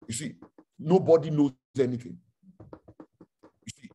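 A man preaching a sermon, repeating his phrases and asking the listeners rhetorical questions, at times rising to a shout. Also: a little high, sing-song, moderate pace, long pauses, slightly rough.

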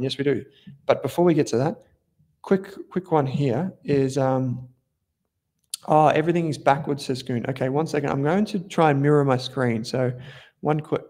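His voice sits on the high side and sounds mellow. He's an Australian investment analyst hosting a relaxed investing livestream, where he chats with viewers, reads their comments, rambles, fixes his own slips, and speaks in slangy, informal language.

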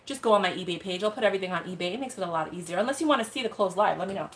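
Young woman, livestream host, casual slangy chat, animated storytelling, medium pitch. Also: racing. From United States. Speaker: live sale host.

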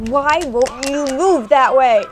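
High-voiced woman playing a video game. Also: slow pace, slight background noise. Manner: chatty, scolds the game, soothes her dog. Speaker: let's play host. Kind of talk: gameplay commentary. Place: home room.

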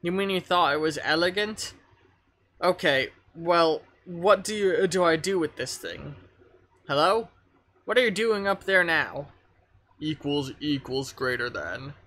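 A man's voice: high-pitched, sharp tone. A young man hosting a webcomic read-along and chatting in a playful, easy way. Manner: playful, quick asides, laughs. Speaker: host reading a webcomic aloud. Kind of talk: casual chat.

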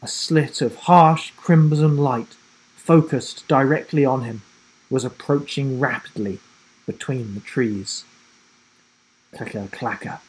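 A man reading a children's adventure story aloud, with dramatic delivery that drops low and soft for suspense. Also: slightly rough, rough recording. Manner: self-corrects and rereads slips. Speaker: storybook reader.

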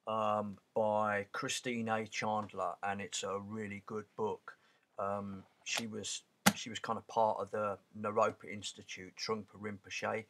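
A man's voice: on the low side, creaky, fairly bright tone. A man in his forties talking casually to camera, rambling, with many fillers and restarts. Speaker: channel host. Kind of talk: casual spoken commentary.

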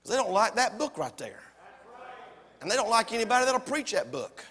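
Preacher, man in his 40s, high and piercing voice, hollers the sermon with down-home jokes. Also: big pitch swings, brisk, in a large hall. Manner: loud, shouting delivery with folksy humor. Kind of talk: fiery sermon. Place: church sanctuary.

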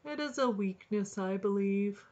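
A woman's voice: mid-range voice, unhurried, darkish tone, lo-fi sound, close to an everyday voice. A woman voicing a peevish, melancholy old male woodlark who talks in a grudging, despondent way. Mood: peevish, gloomy.

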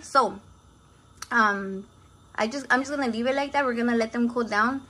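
A woman's voice: a little high, fairly even intonation, quick pace, a little hiss or hum. A brash woman chatting in a casual cooking vlog from her home kitchen, swearing constantly and mixing in Spanish words. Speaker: home cook vlogger.

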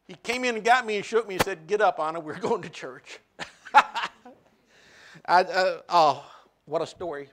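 High-voiced pastor telling a story. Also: male voice, fairly bright tone. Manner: emotional storytelling with laughs, acting out dialogue. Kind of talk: sermon storytelling. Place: church sanctuary.

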